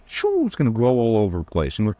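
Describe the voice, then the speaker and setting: A man's voice: on the low side, huge pitch swings, fast talker, mellow, no room sound. A young man giving a casual, blunt dating-advice lecture, teasing his listeners and mocking them in whiny put-on voices.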